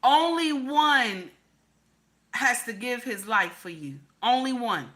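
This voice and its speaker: A woman's voice: on the high side, animated, slow, fairly bright tone. A woman giving relationship advice in a profane, emphatic monologue, repeating her points over and over. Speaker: relationship commentator.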